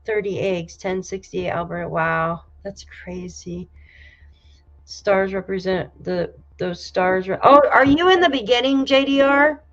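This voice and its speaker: A woman from New York State hosting a casual livestream, reading viewer comments aloud and reacting with loud exclamations and casual swearing. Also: mid-range voice, measured pace. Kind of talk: casual live chat. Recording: slightly dull lo-fi audio.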